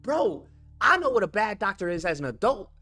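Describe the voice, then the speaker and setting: A young man talking casually to his viewers as host, telling stories in an excitable, profane way. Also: high-pitched, a little fast. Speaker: streamer host.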